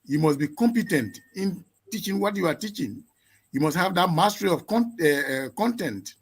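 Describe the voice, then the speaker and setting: A Liberian education professor answers interview questions in an emphatic, lecturing way, firing off strings of rhetorical questions. His fairly high, breathy voice has lively intonation and swings sharply between loud and soft, quick and slow.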